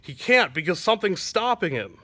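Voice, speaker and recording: A man's voice: sits high, sing-song, a little fast, pushed and bright, dry recording. A male comedian telling a crude joke story in a rambling way, full of fillers and restarts.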